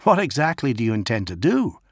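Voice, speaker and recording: A man's voice: medium pitch, sing-song, fairly quick, no room sound, studio quality. A man voicing a tired, resigned male captive. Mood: weary. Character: weary cornered male captive.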